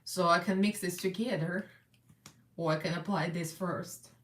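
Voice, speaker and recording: This Russian American makeup livestream host has a voice on the low side, fairly bright, with fairly even intonation and a moderate pace. Her casual live chat rambles along with frequent laughter, recorded in an echoey room a bit away from the mic.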